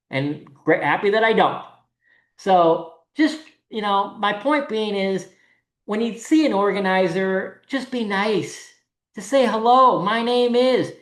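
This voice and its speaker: Blunt, swearing podcast host in an echoey room. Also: medium pitch. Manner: blunt, profane, ranting. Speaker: singles event organizer, podcast host. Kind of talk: casual podcast monologue. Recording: roomy echo.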